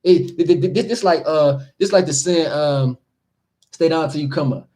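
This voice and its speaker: Brief: higher-voiced man, animated scripture commentary, casual street talk. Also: moderate pace. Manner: animated, laughing, acts out quoted people. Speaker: teacher leading scripture study.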